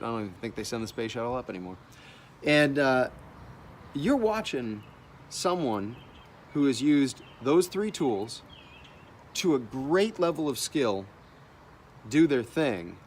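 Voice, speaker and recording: Blunt, animated male artist, profane monologue, faint ambient noise behind. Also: mid-range voice. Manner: blunt, animated, swears freely. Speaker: artist sharing opinions.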